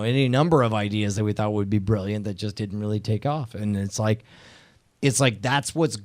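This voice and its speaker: An excitable man hosting a live internet talk show. His voice sits at an everyday middle pitch. He chats loosely and keeps jumping into loud, laughing outbursts. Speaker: show host. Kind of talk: casual live-show chat.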